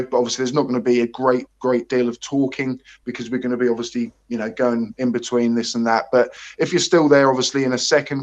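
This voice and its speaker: A man's voice: medium pitch, highs cut off. A man from England hosting a casual livestream, chatting, joking and greeting viewers by name. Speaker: livestream host.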